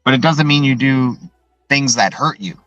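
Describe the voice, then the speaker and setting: A man's voice: medium pitch, moderate pace, a bit bright, dry recording, lo-fi sound, faint music behind. A man hosting a live stream in a loose, rambling way, tagging his points with "right?" and answering viewer chat as he goes. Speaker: livestream host.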